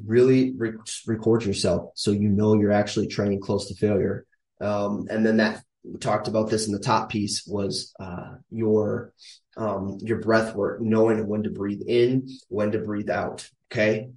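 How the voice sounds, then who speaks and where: A man's voice: fairly low pitch, little pitch movement, measured pace, darkish tone. A man in his thirties coaching on strength training in a casual, emphatic way, repeating his key points. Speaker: fitness coach. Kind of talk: casual instructional talk to camera. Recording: echoey room, voice from a distance.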